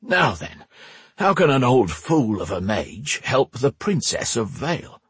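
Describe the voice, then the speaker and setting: A man voicing a fussy, nervous old male mage who talks gruffly with sudden sharp outbursts. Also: medium pitch, very animated, a little slow, dry recording, pitched above the performer's own voice, full character voice. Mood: relieved.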